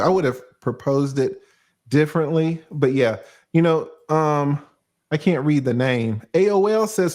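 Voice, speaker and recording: A man hosts a casual legal breakdown on a livestream, animated and blunt and quick to curse. His voice sits a little high for a man and swings up and down as he acts out quick asides. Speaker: livestream host, lawyer.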